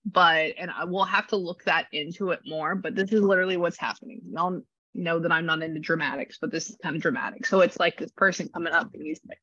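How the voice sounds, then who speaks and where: A woman leads a casual reading session, talking in a bright, tense, excitable way and circling back on herself. Her voice is crisp in the highs, but the recording sounds dull and completely dry. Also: quick pace, no echo. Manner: animated, rambling, exclamatory. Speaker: psychic medium.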